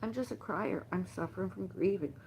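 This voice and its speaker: A middle-aged woman hosting a livestream, talking in a halting, emotional, rambling monologue full of repeated lists. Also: medium pitch, vocal fry, darkish tone, a little hiss or hum. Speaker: livestream host. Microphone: phone livestream.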